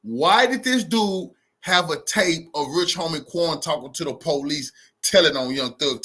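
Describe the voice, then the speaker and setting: A man with a husky, tense voice gives sarcastic reaction commentary. He talks fairly high and mocks as he goes. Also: pushed and bright. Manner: mocking, sarcastic. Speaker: commentary vlogger.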